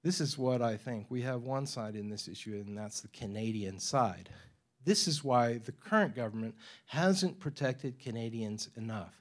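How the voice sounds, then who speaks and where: A man giving a talk to a forum audience in a university lecture room. He tells his stories with energy and chuckles between points. His pitch sits at an ordinary middle level for a man. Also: normal speed. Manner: animated storyteller, acts out quoted voices, laughs often. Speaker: forum speaker.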